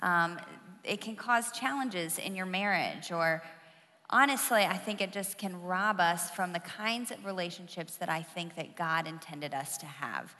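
A woman pastor giving a sermon and telling stories with humor, in an animated way. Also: fairly low pitch, a little slow, long reverb tail. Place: church auditorium.

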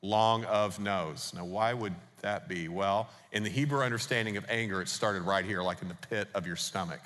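A man's voice: low-pitched, brisk, a bit bright. A man preaching a sermon as pastor, emphatic and putting rhetorical questions to the congregation. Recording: long reverb of a large hall.

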